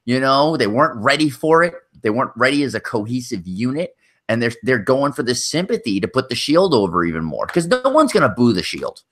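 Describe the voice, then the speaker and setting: A man co-hosting a podcast in casual chat, animated and joking. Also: mid-range voice, fairly quick. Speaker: podcast co-host.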